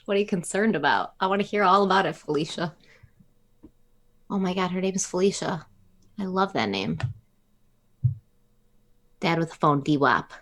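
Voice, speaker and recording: A woman's voice: fairly low pitch, lively intonation, moderate pace, long pauses, fairly bright tone. Chatty woman reading a live chat. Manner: chatty, teasing, reads names from the chat. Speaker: co-host of a live stream. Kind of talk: casual live-stream chat, reading the chat aloud.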